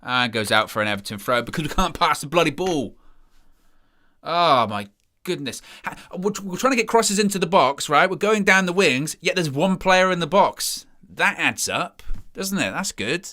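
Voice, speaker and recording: A man commentates live over a match, ranting with weary sarcasm about his side. His voice is bright and forward, and his delivery swings between flat disbelief and raised frustration. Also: a little high, moderate pace. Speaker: fan channel presenter.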